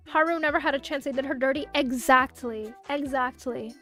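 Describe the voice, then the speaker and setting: A young woman with a Miami Hispanic accent, chatting casually on a livestream, animated and swearing freely as she answers chat. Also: sits high, normal speed, hardly any pauses, soft background music. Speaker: VTuber streamer.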